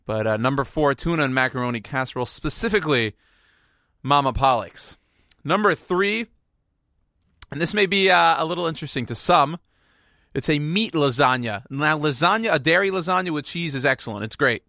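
A man hosts a radio show from the studio, talking casually with a rambling, playful, self-mocking manner. His voice is bright and forceful, and the sound is dry and close. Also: a little high, fairly quick, dry recording. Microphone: studio microphone.

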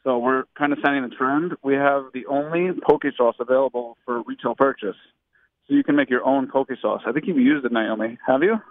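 A man with a Baltimore accent calling in as a guest, talking in a relaxed way with lots of fillers. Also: mid-range voice, brisk, no room sound. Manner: relaxed, uses many fillers like "like". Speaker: guest on the phone. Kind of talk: casual radio phone interview. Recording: tinny phone line.

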